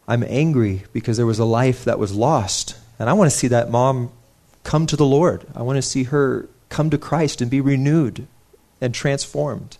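A man's voice: medium pitch, normal speed, a little mellow. Young male preacher, earnest and conversational, mid-range voice, sermon delivery. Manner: earnest, conversational, with frequent restarts and personal stories.

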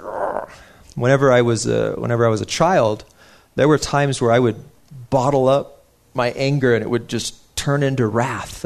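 A man's voice: mid-range voice, a little mellow. A young man preaching a sermon in an earnest, conversational way, stopping to restart his sentences and telling stories from his own life.

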